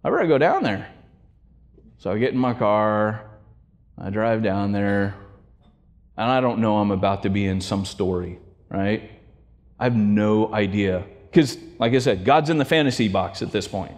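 A man preaching a sermon, telling a story in an animated way and joking with his congregation. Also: medium pitch. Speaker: pastor. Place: church sanctuary. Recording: long church hall reverb.

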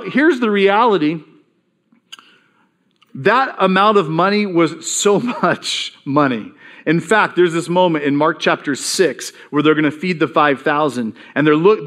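A man delivers a sermon in a lively, conversational style. His voice sits high for a man. He reads passages aloud and briefly acts out the speakers in them. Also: normal speed. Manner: conversational preaching, quoting scripture with acted voices. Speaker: pastor.

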